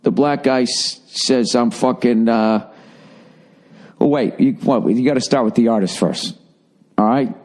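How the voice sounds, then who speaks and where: A man hosts a solo podcast and spins a loose, rambling story. He swears constantly, cuts himself off mid-thought and pokes fun at his own ego. His voice sits at an ordinary middle pitch. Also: a little slow, long pauses, darkish tone. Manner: profane, rambling, self-mocking. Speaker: podcast host.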